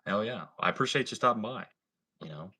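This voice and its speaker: A man's voice: on the low side, animated, fairly quick, bright, forceful tone. A young man from Ohio with a slight country accent, chatting casually on a livestream, laid-back and swearing freely. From Ohio, USA. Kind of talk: casual livestream chat reading comments.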